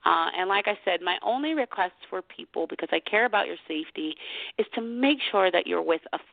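A woman's voice: fairly low pitch, animated, creaky, no echo. A woman guest on a phone-in radio talk show, explaining cuddle party facilitation in a chatty, friendly way with frequent laughs. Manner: warm, chatty, laughs often, repeats details slowly. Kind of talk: casual phone interview. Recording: tinny phone line, dry.

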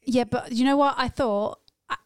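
A woman co-hosts a casual film podcast and earnestly argues for her casting choice. Her voice is smooth and clear and sits a little high. The sound is dry and close. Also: steady tone, normal speed, no room sound. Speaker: podcast co-host.

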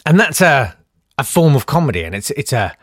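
A man's voice: mid-range voice, big pitch swings, a little fast, no echo. Young male storyteller, rambling and self-interrupting, dry close sound. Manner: rambling, self-interrupting, laughs at own stories. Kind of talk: anecdotal storytelling.

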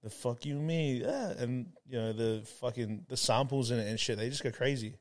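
Podcast guy, swears a lot, jokey, mid pitch. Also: steady tone, a little fast. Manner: loose and profane, joking. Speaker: podcast co-host. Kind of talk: casual chat.

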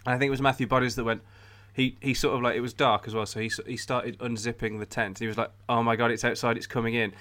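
Bright-voiced man telling a story. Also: mid-range voice, fast talker, hardly any pauses, a little hiss or hum. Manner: animated storyteller, laughs often. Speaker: podcast co-host telling a story. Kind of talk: casual comedic chat.

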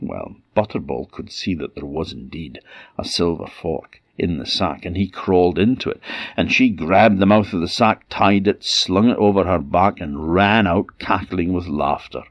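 A man from Orkney with an Orcadian Scottish accent, telling a folktale in a lively, animated way. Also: deep voice, normal speed, no echo. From Orkney, Scotland. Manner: lively, animated, voices every character. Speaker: storyteller. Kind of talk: folktale storytelling. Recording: dull lo-fi dry recording.

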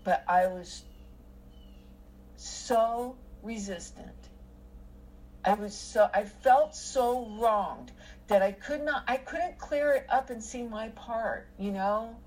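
A woman's voice: a little high, slow pace, darkish tone, low-quality recording. A middle-aged woman telling a personal story in casual conversation, rambling with many fillers and restarts.

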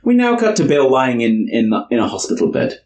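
A man's voice: mid-range voice, a little fast. A man hosting a podcast, recapping a movie plot in casual chat and laughing often. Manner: lively recapping with frequent laughs. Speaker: podcast host.

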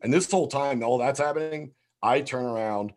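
A man's voice: mid-range voice, normal speed. A man telling a wild story in casual chat, swearing freely and acting out what people said. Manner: animated, swears constantly, acts out quotes.

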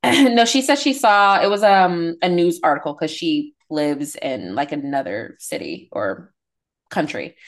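A young woman co-hosting a podcast, chatting in a relaxed, giggly way with lots of filler words. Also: lowish voice, unhurried. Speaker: podcast co-host. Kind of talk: casual chat.

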